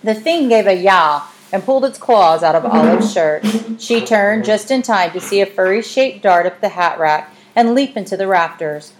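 A woman narrating an audiobook in a measured, expressive reading. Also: medium pitch, a little hiss or hum.

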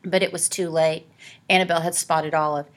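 A woman reading a children's adventure story aloud as narrator, dramatic and hushing for tense scenes. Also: low voice, little pitch movement, brisk. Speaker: audiobook narrator. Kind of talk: scripted narration.

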